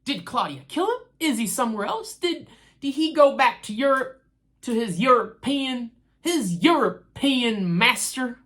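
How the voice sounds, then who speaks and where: A woman's voice: on the high side, a little slow. A woman giving casual commentary on a TV series, rambling and laughing, and talking straight to the characters as if they could hear her. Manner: animated, talks straight to the characters; chatty, rambling, laughs easily. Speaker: TV show reviewer.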